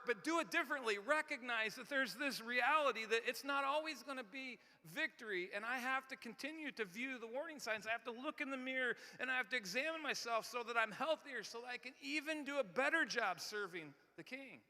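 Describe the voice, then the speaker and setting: A male pastor with a high, bright voice delivers a conversational sermon, often repeating and restarting words. He moves between loud, emphatic lines and quiet, near-whispered ones. His voice echoes with the long reverb of a large church hall.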